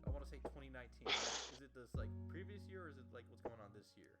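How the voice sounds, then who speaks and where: A man's voice: mid-range voice, lively intonation, very fast, a little mellow, faint music behind. Hesitant man on a podcast. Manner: hesitant, with many fillers. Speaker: podcast co-host. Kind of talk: casual chat.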